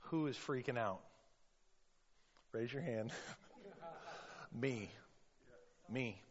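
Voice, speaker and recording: A man preaching a sermon as a pastor, impassioned and storytelling, with sudden loud bursts when he acts out quotes. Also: medium pitch, slow. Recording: long reverb, dull sound.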